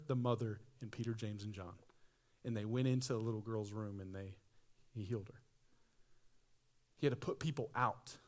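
A young man preaching a sermon as pastor, telling stories in a casual, slangy way, his voice jumping high for excited quoted people and dropping low and quiet at solemn moments.

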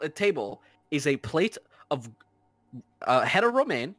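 A man's voice: mid-range voice, fairly bright tone, dry recording. Man telling a story, insistent and profane. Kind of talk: casual profane chat.

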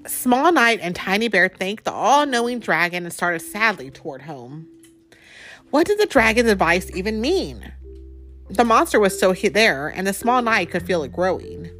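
A woman's voice: mid-range voice, very animated, moderate pace, fairly bright tone, soft background music. Woman reading a picture book aloud. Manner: chatty, asks the child questions. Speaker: parent reading to a child.

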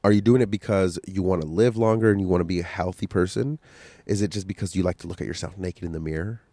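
A man's voice: low-pitched, fast talker, warm tone. A man with a stuffy, coughing cold, hosting a casual solo podcast and giving blunt, profane motivational talk. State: sick, coughing, stuffy nose. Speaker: podcast host.

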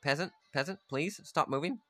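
A man's voice: on the high side, normal speed, a bit bright, faint music behind. A man giving casual, profane gameplay commentary, chatting aloud and ordering his units around as he plays. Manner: chatty, swears freely, talks to his units. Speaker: gamer playing a strategy game.

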